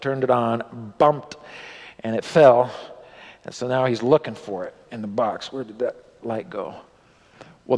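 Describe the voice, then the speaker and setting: A male pastor telling a story in a sermon, animated, his voice rising and dropping for drama. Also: medium pitch, gravelly. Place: church sanctuary. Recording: long church hall reverb.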